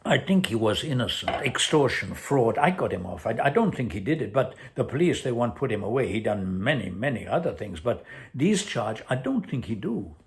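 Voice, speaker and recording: A man's voice: mid-range voice, very animated, normal speed. A man reading a short story aloud, voicing an exiled Colombian ex-lawyer turned cleaner who speaks blunt, broken English with a Spanish accent. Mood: confiding.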